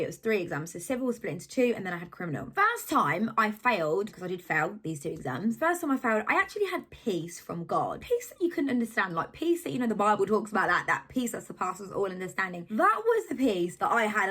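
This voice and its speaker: Lively young woman from England. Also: mid-range voice, a little fast, hardly any pauses, breathy edge. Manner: animated, emphatic, preacher-like storytelling. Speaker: vlogger sharing a faith testimony. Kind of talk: casual testimony vlog.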